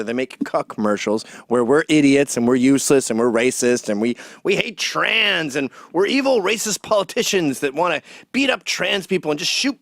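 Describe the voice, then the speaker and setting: A man's voice: medium pitch, no echo. Snarky guy ranting through his commentary, voice all over the place, dry room sound. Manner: sarcastic, mocking, ranting. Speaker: host and commentator. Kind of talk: comedic rant commentary.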